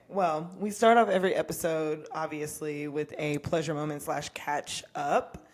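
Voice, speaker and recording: A woman's voice: low-pitched, steady tone, moderate pace. A young woman co-hosting a casual podcast, talking candidly and with profanity, often laughing. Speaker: podcast co-host.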